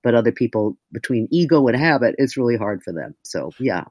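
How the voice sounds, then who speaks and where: An audiobook narrator in easy interview chat, chatty and quick to act out the people she quotes. The pitch swings all over in lively jumps, and the recording is dry and close with no room sound. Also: no echo. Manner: chatty, animated storyteller who acts out quotes. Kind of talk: casual interview talk.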